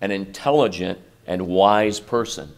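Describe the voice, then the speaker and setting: A middle-aged male pastor preaching a sermon in a college chapel, animated, swinging between loud and soft with mocking asides. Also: deep voice, measured pace, vocal fry.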